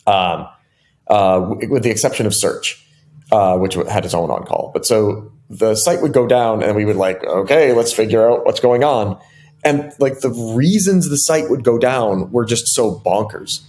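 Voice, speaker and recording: A middle-aged man, a software engineer guest in an interview, telling stories casually and animatedly with many fillers and restarts. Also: medium pitch. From United States.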